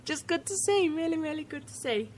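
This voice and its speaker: A woman's voice: sits high, lively intonation, a little fast, slight background noise. Chatty British woman co-hosting radio. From England. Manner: chatty, giggly, reads chat messages. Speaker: co-host. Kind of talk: casual radio chat.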